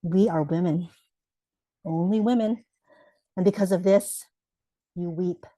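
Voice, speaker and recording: A woman's voice: fairly low pitch, measured pace, warm tone, no echo, poor audio. A woman reading her own poem aloud with a lyrical, dramatic delivery. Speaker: poet reading her work.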